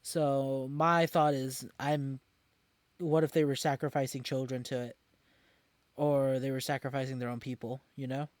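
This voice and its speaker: A man's voice: mid-range voice, level tone, moderate pace, dry recording. A man co-hosting a casual podcast, recapping an episode with many fillers and restarts. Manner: rambling, lots of fillers and restarts. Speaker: podcast co-host.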